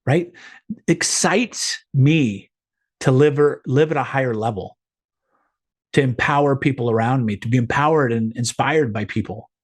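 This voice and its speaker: A middle-aged man leading a group video call, giving an earnest, encouraging motivational talk with frequent restarts. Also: medium pitch.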